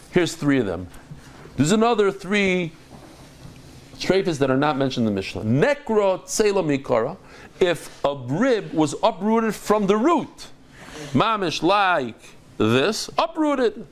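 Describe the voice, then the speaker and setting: A man teaching a daily Talmud class as a rabbi, explaining in an animated, dramatic way with quick restarts. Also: fairly high pitch. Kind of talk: lively Talmud lecture to a live group.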